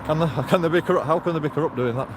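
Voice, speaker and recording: A man's voice: a little high, racing. A man chatting casually as he walks a city street, rambling, swearing and laughing often. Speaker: street vlogger. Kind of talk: casual walking commentary. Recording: loud traffic noise outdoors.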